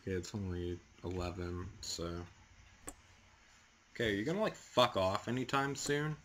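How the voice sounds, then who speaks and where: Deep-voiced young man swearing through a horror game. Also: animated, moderate pace, a bit bright, slight background noise, poor audio. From Canada. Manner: profane, jumpy, talks himself through scares. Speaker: gaming channel host. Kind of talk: horror game let's play commentary.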